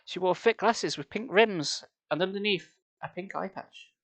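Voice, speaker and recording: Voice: medium pitch, normal speed. A streamer reading a children's horror book live on stream, dry and sarcastic, speaking into a headset.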